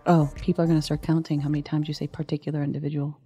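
A woman co-hosting a podcast, enthusiastic and quick to laugh, also reading the show's outro. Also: low-pitched, level tone, mellow, husky, faint music behind. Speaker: podcast co-host. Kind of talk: casual podcast chat and read outro.

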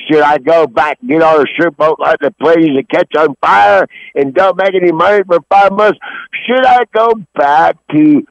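Brief: gruff profane male caller, rambling and angry, cold and sniffling, muffled dry phone sound. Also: a little high, normal speed, no room sound. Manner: rambling, angry, swearing constantly. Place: outdoors behind a grocery store in snow.

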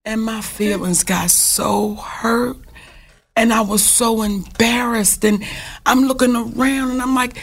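A woman's voice: on the high side, steady tone, takes it slowly, husky. A woman, telling a personal story frankly and with profanity in casual talk.

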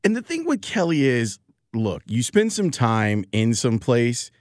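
A man co-hosting a sports podcast in casual banter, quick and wisecracking. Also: mid-range voice, sing-song, darkish tone, no room sound, clean studio sound. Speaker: podcast co-host.

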